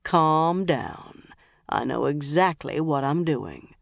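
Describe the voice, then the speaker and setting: Narrator doing sly middle-aged Southern mayor, slow South Carolina drawl, dry close audiobook sound. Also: mid-range voice, lively intonation, vocal fry, no echo. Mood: sly, placating.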